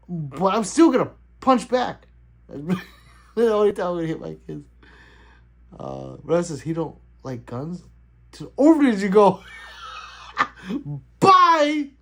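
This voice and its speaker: A middle-aged man talks casually on his own livestream from home, answering his viewers and laughing often. His pitch swings widely, rising sharply whenever something catches his attention. The talk is loose and unscripted. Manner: loose, laughing, chatty, reading out chat. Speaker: livestream host.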